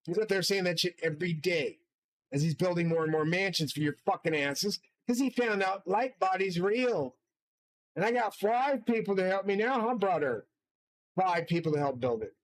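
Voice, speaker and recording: A man's voice: sits high, expressive, normal speed, poor audio. A man hosting his own channel, delivering a rambling, profane and grandiose solo monologue from his studio. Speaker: channel host.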